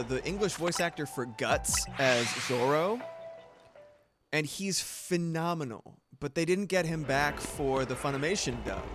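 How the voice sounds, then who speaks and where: Man, fairly high pitch, loose rambling streamer chat with plenty of swearing, clear music bed behind. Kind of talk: casual chat while gaming.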